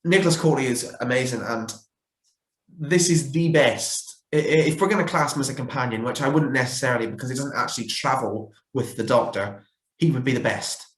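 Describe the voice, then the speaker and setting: A man's voice: mid-range voice, fairly quick. A man giving a casual, opinionated fan review, chatty with frequent fillers and self-corrections. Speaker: fan reviewer ranking characters. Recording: roomy echo.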